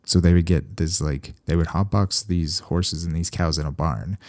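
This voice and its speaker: A man from Canada, a veterinarian hosting a solo podcast, talking casually with animated, sarcastic asides. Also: sits low, moderate pace, dry recording.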